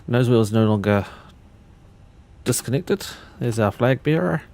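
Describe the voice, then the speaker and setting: A man's voice: medium pitch, expressive, a little slow, a little mellow. A man livestreaming, talking through cockpit steps and chatting loosely with his viewers, often restarting his sentences. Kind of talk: casual livestream commentary.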